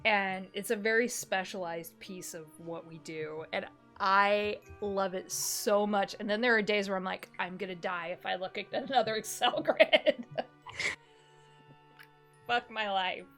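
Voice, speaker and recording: A woman chatting casually on a live stream, telling animated stories, swearing freely and laughing often. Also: mid-range voice. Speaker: streamer co-host.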